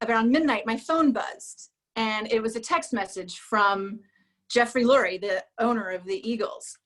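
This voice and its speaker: A woman giving a talk, telling a personal story in an emotional, halting way and dropping to a hush at the saddest parts. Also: medium pitch. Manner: emotional, halting, drops to a hush at sad moments. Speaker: speaker at a business event.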